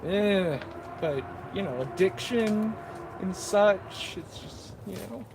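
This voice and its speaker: A man's voice: sits high, expressive, slow pace, noisy background. A man chatting casually on a live stream while working, reading viewer comments aloud and joking about himself, short of breath. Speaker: mushroom grower streaming live. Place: indoors at a mushroom-growing workspace. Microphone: camera set up nearby, moves in and out of frame.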